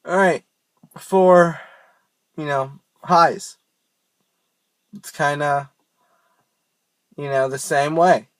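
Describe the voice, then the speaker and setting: A man's voice: a little high, drawn-out words, pauses often, dry recording. A young man giving a casual, rambling tutorial on screaming technique, joking at his own expense. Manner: rambling, self-mocking, loose and informal.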